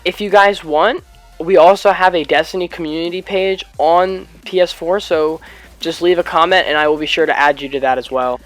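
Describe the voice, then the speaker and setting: A teenage guy with a somewhat high voice rambles through a casual vlog story, packing every phrase with filler words and offhand swearing. Faint music plays underneath. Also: moderate pace, a bit bright. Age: late teens, high school student. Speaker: YouTube gaming vlogger.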